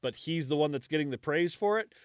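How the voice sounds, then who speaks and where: A man co-hosting a casual history podcast, telling the story in a joking, animated way. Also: fairly high pitch, fairly quick, dry recording, studio quality. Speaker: podcast co-host.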